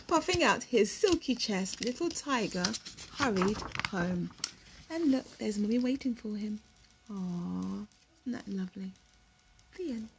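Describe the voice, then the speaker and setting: A young woman reading a picture book aloud to her toddler at home, slow and expressive, with gasps and whispered asides. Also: mid-range voice, background noise.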